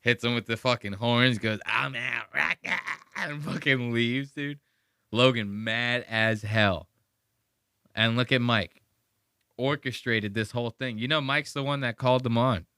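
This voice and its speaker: Bright-voiced man ranting on a podcast. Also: medium pitch, unhurried, clean tone, no echo, studio quality. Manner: profane, mocking rant. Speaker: podcast host. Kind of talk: casual commentary on a played clip.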